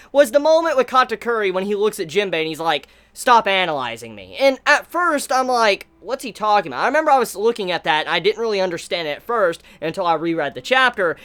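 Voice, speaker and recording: Woman, casual manga review, excitable, laughs a lot, swears casually, mid-pitched voice.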